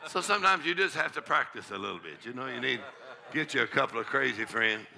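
A man's voice: medium pitch, expressive, fast talker, creaky, background noise. A male pastor with a drawl preaching a charismatic sermon in a church, laughing and whooping often. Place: church sanctuary with congregation.

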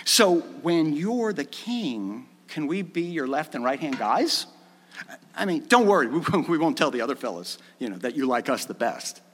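Eager male disciples with a breezy, wheedling manner, as a preacher puts them on. The voice rides high and swings widely. A long hall reverb trails each phrase. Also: big pitch swings, normal speed, a bit bright, slight background noise. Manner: breezy, wheedling, slangy paraphrase. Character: eager self-serving male disciples, casual and pushy.

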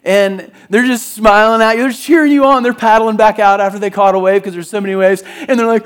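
A man with a high, light voice preaches in a relaxed, conversational way. He is middle-aged and from the Jacksonville, Florida area. He tells stories and slips into quick acted-out voices of the people in them. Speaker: pastor. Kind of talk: sermon.

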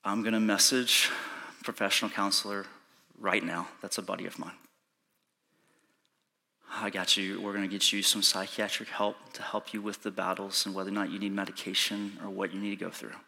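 A man preaching a sermon, telling a personal story with urgency, sometimes hushed and sometimes pleading. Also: on the low side, level tone, normal speed, creaky. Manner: urgent pleading, rising to shouting in reenacted moments; soft and hushed when recounting prayer. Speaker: pastor.

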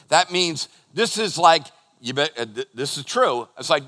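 A middle-aged pastor preaching with a bright, forceful tone that rises and falls from loud emphasis to hushed storytelling. His voice sits a little high for a man. It rings out with the long reverb of a church auditorium. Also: lively intonation, moderate pace. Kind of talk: sermon.

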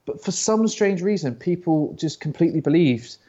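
A man's voice: a little high, lively intonation, moderate pace, warm tone, husky, muffled recording. A British man chatting as an interview guest, often stammering and restarting, telling stories. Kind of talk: casual interview chat.

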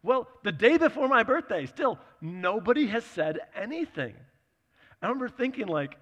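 A man in his thirties preaches through a personal story, chatty and animated, acting out each bit of dialogue. His voice sits a little high and sounds bright and forceful. A long hall reverb trails every phrase. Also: normal speed.

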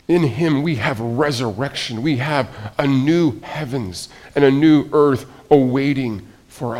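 A middle-aged man preaching a sermon as pastor, swinging between quiet, almost whispered asides and loud, excited exclamations, often restarting his phrases. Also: medium pitch.

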